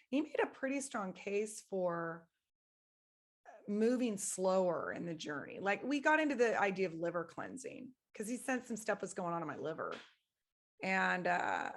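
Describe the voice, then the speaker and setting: A woman who is a podcast guest, speaking reflectively in a casual, rambling way. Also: on the low side. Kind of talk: casual spiritual conversation.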